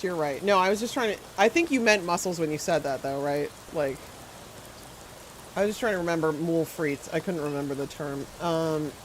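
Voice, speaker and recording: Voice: mid-range voice, a little hiss or hum, rough recording. A game streamer in casual live-stream chat, rambling and answering viewers while playing, with firm opinions and frequent filler words.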